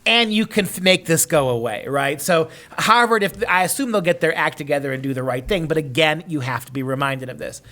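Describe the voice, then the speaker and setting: Bright, sarcastic male co-host. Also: fairly high pitch, fairly quick, few pauses. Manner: sarcastic, mocking impressions. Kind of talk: casual political chat.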